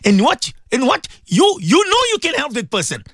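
A South African man delivers an impassioned radio sermon in a high voice that swoops up and down. He presses his points again and again, exhorting his listeners directly. The sound is close and dry. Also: wildly swooping pitch, normal speed, a bit bright, slightly rough, no echo. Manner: fervent, repetitive, exhorting. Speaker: religious radio presenter.

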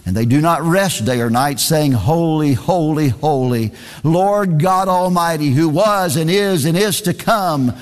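A man's voice: fairly high pitch, measured pace, in a large hall. A man preaching a sermon, reading scripture aloud in a singsong cadence and repeating phrases for emphasis.

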